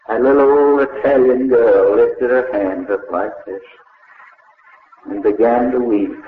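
An older man, preaching a sermon as a slow, dramatic story and voicing the people in it. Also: fairly low pitch, slight background noise. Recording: echoey hall over a tinny, lo-fi line.

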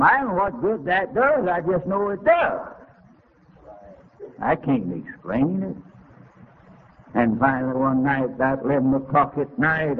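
A man preaching a sermon, telling a homespun story dramatically and climbing to emotional high points. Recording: tinny lo-fi narrow-band recording.

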